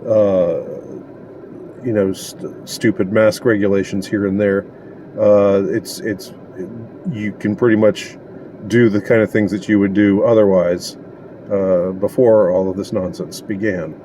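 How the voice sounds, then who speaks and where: Man, lowish voice, indignant, sarcastic, halting casual monologue, faint noise behind. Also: flat delivery, warm tone. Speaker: commentator.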